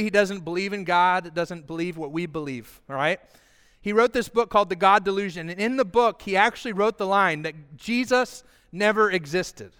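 A man preaching an Easter sermon as pastor, lively and calling the congregation to repeat after him. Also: high voice, clear, resonant tone. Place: church sanctuary with congregation. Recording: long hall reverb.

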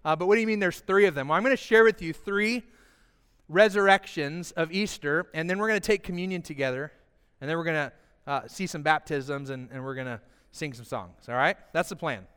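A man preaching an Easter sermon as pastor, lively and calling the congregation to repeat after him. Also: fairly high pitch, fairly quick, clear, resonant tone. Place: church sanctuary with congregation. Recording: long hall reverb.

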